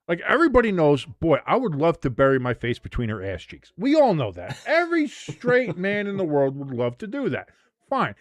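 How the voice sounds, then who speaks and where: A man's voice: fairly high pitch, very animated, brisk, no echo, clean studio sound. A man in his forties hosting a live sports watch-along, crude and rambling, laughing at his own jokes. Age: 40s.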